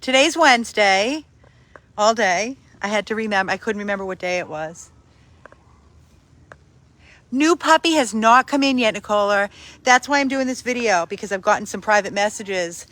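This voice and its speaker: A woman hosting a casual live stream for a dog rescue from outdoors on her phone, greeting viewers by name and breaking into high sing-song baby talk with the dogs. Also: lively intonation, moderate pace, long pauses, a bit bright. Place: outdoors in a yard.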